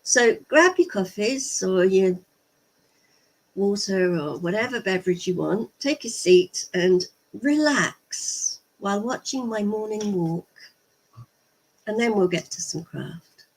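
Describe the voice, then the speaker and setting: A woman's voice: mid-range voice, lively intonation, slow, poor audio. A middle-aged English woman chatting to viewers in a rambling way as she walks outdoors, recorded on a handheld camera. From England. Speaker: vlogger. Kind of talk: casual vlog commentary. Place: outdoors on a walk.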